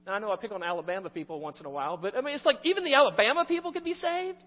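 A man preaching a sermon as pastor, animated, swinging between loud emphasis and quiet asides. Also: high voice, racing. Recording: muffled recording in a reverberant hall.

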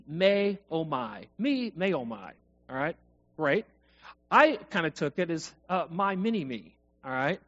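A man's voice: sits high, fairly bright tone. A man preaching a sermon, talking conversationally and asking the congregation questions. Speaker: pastor. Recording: dull lo-fi recording.

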